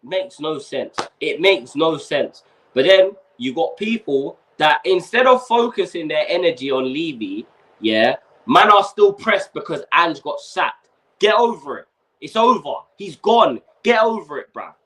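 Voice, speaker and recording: A man's voice: a little high, big pitch swings, a little slow, sharp tone. A young man, hosting a casual fan livestream and ranting with slang and swearing while he's overheated. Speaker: fan channel host.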